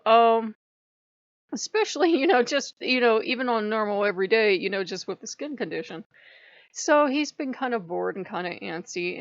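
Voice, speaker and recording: Her mid-range voice is creaky, and the recording is dull, lo-fi and dry with no echo. As host of a spiritual channel, she delivers a casual vlog monologue, rambling, swearing and frequently laughing.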